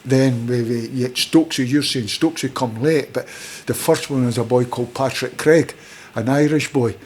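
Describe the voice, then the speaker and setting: A man's voice: medium pitch, normal speed, darkish tone, a little hiss or hum. Scottish man telling rambling football stories. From Scotland. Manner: rambling anecdotes, acts out quoted voices. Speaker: guest, former footballer and manager. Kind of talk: casual storytelling interview.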